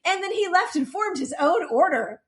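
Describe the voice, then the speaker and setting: A woman's voice: very high voice, lively intonation, moderate pace. A woman co-hosting a podcast, casually recapping an episode with wry asides. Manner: chatty, wry asides, frequent restarts. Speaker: podcast co-host.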